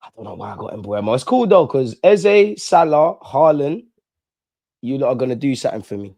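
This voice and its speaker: A man's voice: mid-range voice, moderate pace, creaky, dry recording. Slangy young man, dry close mic. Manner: slangy, animated, chatty. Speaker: fan channel host. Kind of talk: casual live stream chat.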